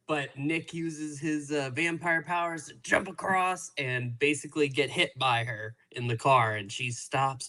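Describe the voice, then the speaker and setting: A man's voice: a little high, measured pace, pushed and bright, rough recording. Rambling male guest recapping a show. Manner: meandering recap with many fillers. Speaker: guest reviewer. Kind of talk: casual recap of a TV episode.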